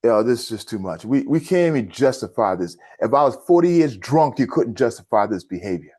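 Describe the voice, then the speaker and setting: A man's voice: mid-range voice, very animated, brisk, a little mellow, slightly rough. Indignant male commentary host. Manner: indignant, addresses listeners as family. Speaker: host of a news commentary channel. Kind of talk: impassioned commentary addressing viewers.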